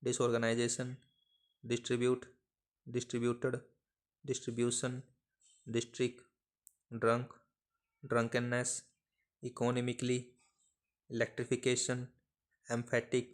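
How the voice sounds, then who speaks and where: Slow, monotone man dictating words. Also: mid-range voice. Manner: measured, monotone delivery of isolated phrases. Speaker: shorthand dictation reader. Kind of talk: slow dictation of word lists.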